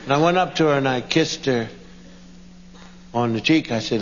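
A man's voice: medium pitch, normal speed. A man doing stand-up, telling family stories and acting out the voices of his wife and children, recorded live in a hall. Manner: acts out family voices, squealing child impressions. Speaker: stand-up comedian. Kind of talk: stand-up storytelling. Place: stage before a laughing audience. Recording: dull live recording in a hall with ambient noise.

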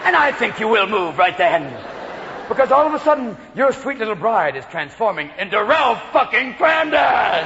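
A manic male stand-up comedian with a very high, lively voice, shouting and leaping between voices. He is heard on a dull, lo-fi live recording in a large reverberant hall, with a crowd clearly behind him. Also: moderate pace, heavy background noise. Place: large venue with a live audience.

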